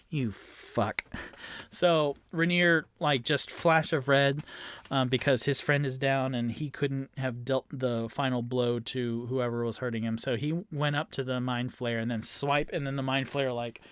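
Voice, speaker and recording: In this solo tabletop actual-play, a man plays both game master and player himself, meandering through fillers and letting out dread-filled groans. His mid-range voice is a bit bright, clear and resonant, recorded with no room sound.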